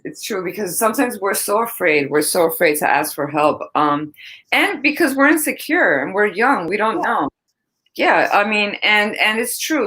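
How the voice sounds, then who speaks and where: A woman's voice: lowish voice, fairly bright tone. A woman hosting a casual interview, who encourages her guest and asks open questions. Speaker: host.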